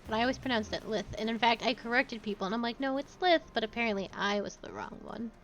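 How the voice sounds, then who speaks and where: A woman's voice: fairly high pitch, steady tone, fast, a bit bright, a little hiss or hum. A woman streamer chatting casually and laughing easily as she tells rambling stories while playing. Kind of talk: casual game-stream chat.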